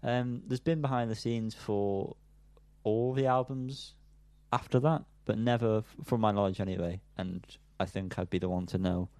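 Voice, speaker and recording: A man's voice: lowish voice, fairly even intonation, moderate pace, warm tone, dry recording. A man co-hosting a music podcast, chatting casually with lots of ums and self-amused asides. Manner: rambling, frequent ums, laughs at himself. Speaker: podcast co-host.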